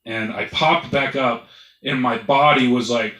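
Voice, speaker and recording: A man's voice: medium pitch, unhurried, sharp tone, reverberant, poor audio. A man doing stand-up, telling a rambling, profane story and laughing at his own jokes. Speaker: stand-up comedian.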